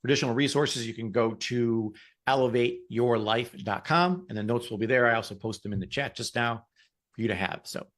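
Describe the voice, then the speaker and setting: A man's voice: mid-range voice, fairly quick, fairly bright tone. A man co-hosting a motivational podcast, talking in an upbeat, encouraging way and often repeating words. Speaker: podcast co-host. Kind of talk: casual motivational chat.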